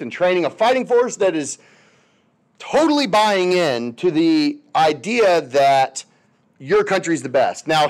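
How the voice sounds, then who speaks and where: A male history teacher giving a casual, chatty lecture with jokey, sarcastic asides. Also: a little high.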